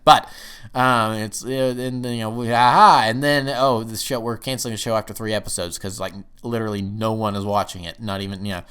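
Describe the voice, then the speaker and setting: A man with a mid-range, smooth and resonant voice talks casually as he reviews an episode. His talk rambles along, with sudden bursts where his pitch leaps up in excitement.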